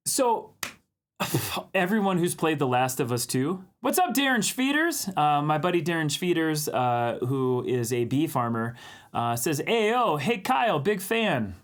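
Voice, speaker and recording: A man hosting a livestream, chatting casually and excitedly about viewer drawings, laughing often. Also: on the high side, a little slow. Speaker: livestream art show host.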